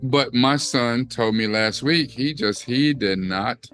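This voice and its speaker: A man's voice: mid-range voice, slow pace, fairly bright tone, soft background music. A middle-aged man, co-hosting a casual chat and acting out quotes as he tells a story. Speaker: co-host.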